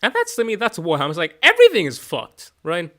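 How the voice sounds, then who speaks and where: A young man streaming from home, chatting casually, excitable and rambling, swearing often and restarting his sentences. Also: sits high, quick pace. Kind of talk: casual chat.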